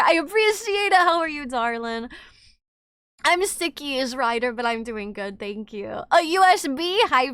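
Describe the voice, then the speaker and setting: A woman livestreamer casually chatting with her viewers, excitable and giggly, swearing freely and reacting to chat messages. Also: high-pitched, no echo.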